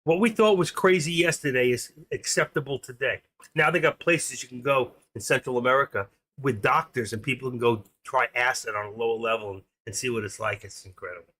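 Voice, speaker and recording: Um homem na casa dos sessenta anos, apresentador de uma transmissão ao vivo, fala de forma solta e opinativa. A voz é clara e brilhante. Ele pula de histórias pessoais para números do mercado. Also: male voice, mid-range voice, a little fast, bright, forceful tone. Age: 60s. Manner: chatty, opinionated, jumps between stories and market numbers. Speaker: live stream host. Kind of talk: rambling live-stream chat.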